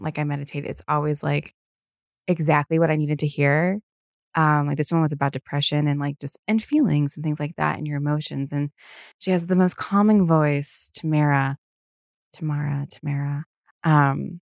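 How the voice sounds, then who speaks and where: On her solo podcast, a young woman with a low, gravelly voice sounds worn out and lets out the odd yawn. She talks casually at a moderate pace, meandering with plenty of fillers and easygoing swearing, in studio-quality audio with no room sound.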